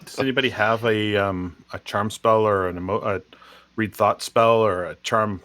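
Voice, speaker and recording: A man's voice: fairly low pitch, steady tone, normal speed, a bit bright, no echo. A man playing a tabletop game, asking questions and searching for words. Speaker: player. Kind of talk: casual chat.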